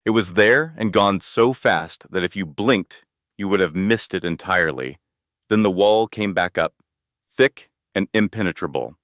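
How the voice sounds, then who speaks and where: A man with a very deep, low voice narrating a dramatic story in a measured, steady way. The sound is close and completely dry. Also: no room sound.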